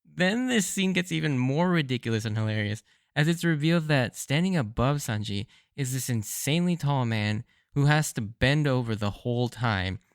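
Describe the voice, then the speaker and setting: A man hosting a solo podcast, recapping anime episodes in a casual, excited way, often laughing and saying "like.". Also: medium pitch, moderate pace, clear, resonant tone, dry recording, clean studio sound. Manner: casual, filler-heavy with frequent "like". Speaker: podcast host. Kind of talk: solo rewatch commentary.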